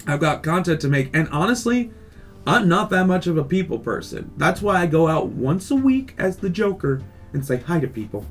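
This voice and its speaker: Man, podcast host, casual rambling chat, swears a lot, higher voice, faint guitar music behind. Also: moderate pace. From California. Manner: rambling, animated rants with profanity.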